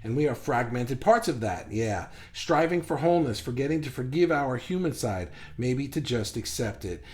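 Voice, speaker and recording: A male host with a mid-range voice chats expressively at normal speed on his live stream, reading comments from viewers and riffing on them with rambling, self-deprecating humor.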